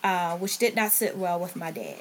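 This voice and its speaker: At home in a bedroom with a TV on, a woman appearing as a podcast guest earnestly tells a personal story, reliving scenes by acting out what others said to her. Her lowish voice swings widely in pitch at a normal speed, with a little hiss or hum in the recording.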